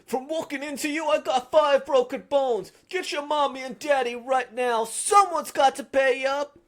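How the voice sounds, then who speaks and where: A woman voicing a loud, gruff male thug who shakes people down. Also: high-pitched, normal speed, pitched above the performer's own voice, lightly acted. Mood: blustering. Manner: loud and blustering.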